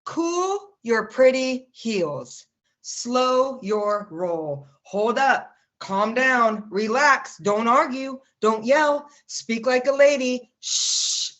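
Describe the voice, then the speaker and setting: A woman performing spoken word poetry at an open mic over a video call, with a rapid-fire, rhythmic list delivery and sharp mocking jabs. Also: a little high, animated. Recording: muffled lo-fi video call audio.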